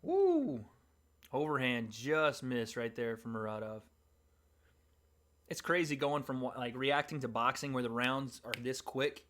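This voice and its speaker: Excitable guy streaming, casual fight play-by-play, medium voice. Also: mid-range voice, moderate pace. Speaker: livestream host. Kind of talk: live fight commentary and reaction.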